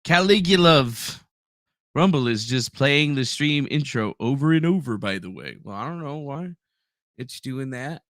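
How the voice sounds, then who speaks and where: A man's voice: mid-range voice, expressive, moderate pace, dry recording, clean studio sound. A man hosting a live stream in a loose, rambling way, swearing and reading out viewers' names from the chat. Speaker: livestream host.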